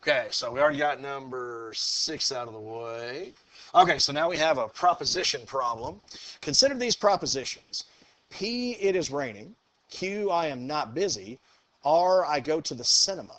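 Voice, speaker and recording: A man's voice: fairly high pitch, animated, normal speed, a bit bright. A male math teacher lecturing a class, upbeat and encouraging as he works through problems aloud.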